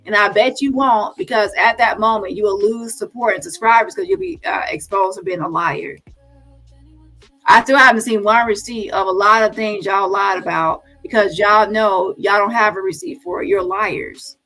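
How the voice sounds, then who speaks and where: A woman's voice: medium pitch, normal speed, sharp tone, faint music behind, poor audio. A woman hosting a commentary stream, confronting her viewers in a heated, challenging way. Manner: confrontational, addresses viewers as y'all. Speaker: commentary channel host.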